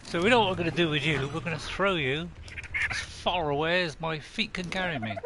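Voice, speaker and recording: A man's voice: a little high, fairly quick, background noise. A man streaming a game, chatting casually to himself and reading viewers' messages aloud. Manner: chatty, talks to himself and reads chat aloud. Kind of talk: casual live game commentary.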